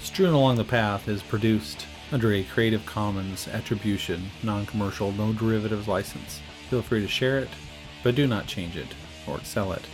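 A male podcast host wrapping up an episode in an easygoing, relaxed way. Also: on the low side. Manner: relaxed, easygoing with small laughs. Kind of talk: casual podcast outro. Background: soft guitar theme music.

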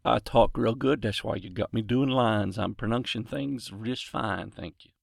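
A man's voice: mid-range voice, moderate pace, vocal fry, no echo, clean studio sound. A man recording voice lines in a home closet, out of breath and rambling in self-mocking asides between takes. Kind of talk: casual outtakes chatter.

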